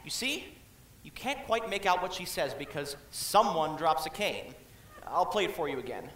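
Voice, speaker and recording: A man's voice: fairly high pitch, very animated, fairly bright tone, slight background noise. Man as a chatty, wistful middle-aged show-tune fan, stage musical, roomy hall sound. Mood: musing. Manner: chatty, musing, halting asides. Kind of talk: amateur stage musical acting. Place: theater stage.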